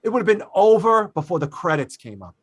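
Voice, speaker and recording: Animated man telling a story on a podcast. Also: high voice, a little fast, dry recording. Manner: animated storytelling, profane, swings between loud and quiet. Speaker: podcast host. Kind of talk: casual podcast chat.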